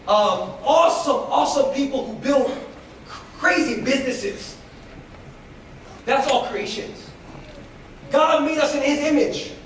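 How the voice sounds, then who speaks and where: Motivational speaker, a man with a very high voice, preaching fervently and shouting at times, recorded from afar in an echoey school hall. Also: recorded from a distance, slight background noise. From United States. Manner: fervent, leads call-and-response, breaks into shouts. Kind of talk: preaching inspirational talk. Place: school hall before a live audience.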